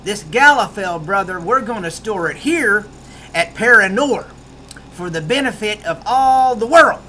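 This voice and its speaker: Man, rural American accent, casual book review, rambling restarts, high-pitched, bright tone. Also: expressive, unhurried, a little hiss or hum. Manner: rambling with many restarts and fillers.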